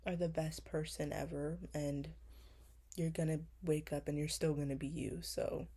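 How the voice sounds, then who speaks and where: A woman's voice: low-pitched, little pitch movement, mellow, breathy edge. A young woman in her twenties, a vlogger answering interview questions in casual, reflective talk, earnest and emotional, with frequent fillers. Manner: earnest, emotional, drawn-out pauses, many fillers. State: close to tears.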